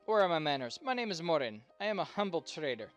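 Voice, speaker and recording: A courteous merchant woman from a fantasy game, speaking in stiff, formal sentences with a vague foreign lilt, as a man reads her part. The voice sits a little high and comes across smooth and clear. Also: sing-song, quick pace, faint music behind. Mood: polite. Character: humble foreign female trader, polite and mercenary. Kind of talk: reading game dialogue aloud.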